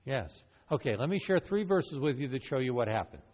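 A man's voice: mid-range voice, big pitch swings, a little fast, lo-fi sound. A man leading a church evangelism training class, asking the group question after question in an earnest, conversational way. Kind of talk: classroom teaching with role-play. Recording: long hall reverb.

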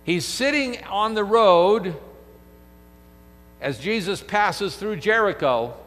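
A man preaching a sermon in a big church hall, his voice sitting a bit high and swinging widely as he throws rhetorical questions at the congregation. The sound carries a long hall reverb with a low mains hum underneath. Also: takes it slowly, pauses often. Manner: animated, fires off rhetorical questions, acts out quoted speech.

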